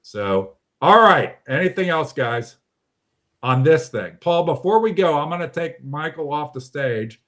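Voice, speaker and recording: A man with a fairly high, unhurried voice hosts a local politics livestream, leading an online discussion over a video call. He talks bluntly and animatedly, with some mild swearing.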